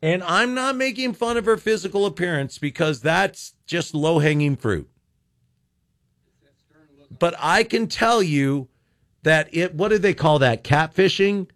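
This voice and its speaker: A man's voice: high voice, animated, measured pace, fairly bright tone, dry recording. An older man, a talk radio host, ranting sarcastically and rambling with frequent restarts.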